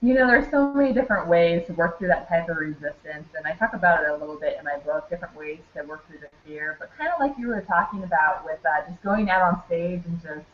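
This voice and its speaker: A woman guest author on a video call, talking in a giggly, animated way in casual chat. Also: fairly low pitch, quick pace, hardly any pauses. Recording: echoey, dull video call audio.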